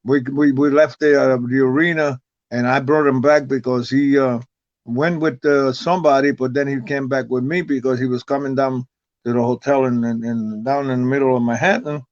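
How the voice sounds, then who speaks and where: A man's voice: mid-range voice, fairly even intonation, moderate pace, no room sound. Older man rambling through an old story. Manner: rambling, stumbles and repeats words. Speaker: guest, retired wrestler. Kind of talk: casual storytelling interview. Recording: dull, lo-fi, dry sound.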